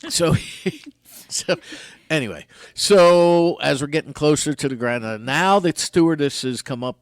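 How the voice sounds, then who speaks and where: A man's voice: a little high, unhurried, clear, resonant tone, no echo. A man in his sixties hosting a radio show, telling a story in casual chat and acting out what others said. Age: 60s. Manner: animated storyteller who acts out other people's lines.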